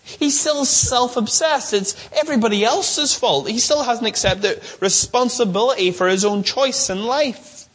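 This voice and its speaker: A man's voice: extremely high pitch, a little slow. A man preaching an expository sermon, earnest and emphatic, asking his listeners questions.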